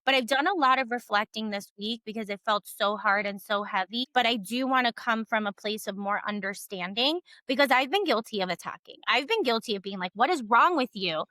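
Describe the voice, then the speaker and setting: A woman's voice: on the high side, a little fast, hardly any pauses, sharp tone, no echo. A woman co-hosting a casual podcast, talking earnestly and emphatically, with frequent "like" fillers. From Cuban family background. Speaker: podcast co-host.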